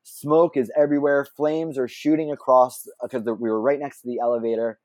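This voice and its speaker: A man with a mellow, warm voice tells a personal story as a guest, chatty and self-deprecating. He laughs often and keeps breaking off into asides and fillers. The sound is dry and close. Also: medium pitch, fairly even intonation, fairly quick, dry recording. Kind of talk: casual anecdotal storytelling.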